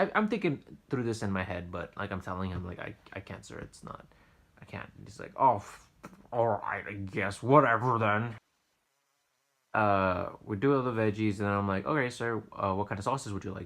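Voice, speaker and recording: A young man with a fairly low voice tells work stories in a loose, rambling vlog. He swears freely and trips over his words, restarting sentences again and again. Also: fairly bright tone. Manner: rambling, profane, stammering restarts. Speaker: sandwich shop worker telling stories. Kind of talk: casual storytelling vlog.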